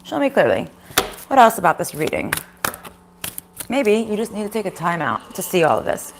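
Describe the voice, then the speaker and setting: A woman reads tarot cards in a relaxed, chatty way, speaking the viewer's thoughts aloud and dropping the odd curse. Her voice sits in a middle pitch. She is recorded in a kitchen at home, with a faint hiss behind her. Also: moderate pace. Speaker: tarot reader. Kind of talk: casual tarot reading to viewers.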